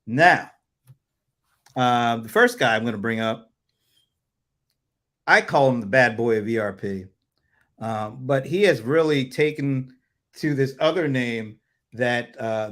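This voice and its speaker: A man's voice: medium pitch, unhurried, long pauses, fairly bright tone. Rambling, chuckling male show host. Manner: rambling, filler-heavy, chuckling. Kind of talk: casual livestream chat.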